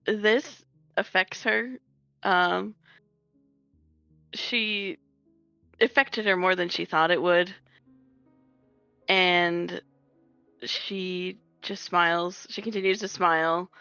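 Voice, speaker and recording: Woman, tabletop player, slow, halting, gravelly voice. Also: fairly low pitch, pushed and bright, no echo. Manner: hesitant, halting. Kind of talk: narrating her character in a tabletop game. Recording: dull lo-fi audio.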